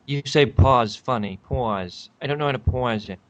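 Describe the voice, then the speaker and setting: A man's voice: mid-range voice, brisk, fairly bright tone, muffled recording. A man with a Boston accent, a guest on a casual podcast, mocking and crude as he mimics his friend's speech.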